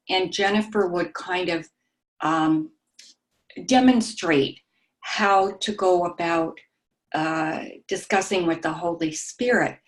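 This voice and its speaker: A woman sharing in a study group, soft-spoken and halting, with frequent pauses and ums. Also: lowish voice. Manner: describes herself as meek and mild.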